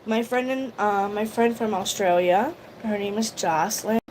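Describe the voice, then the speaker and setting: A woman's voice: mid-range voice, moderate pace, darkish tone, a little hiss or hum, poor audio. A woman vlogger chatting casually on a livestream, rambling emotionally and greeting viewers by name. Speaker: YouTube vlogger.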